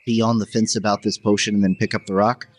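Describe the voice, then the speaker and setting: A man's voice: on the low side, level tone, fast, no echo. A man playing a tabletop game, confronting and joking in character. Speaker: player.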